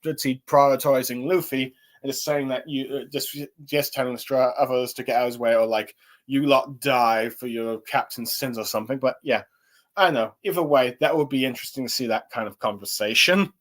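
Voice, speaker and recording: A man's voice: mid-range voice, a little fast. A young man giving a casual spoken review, rambling with lots of fillers and restarts. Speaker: anime and manga reviewer.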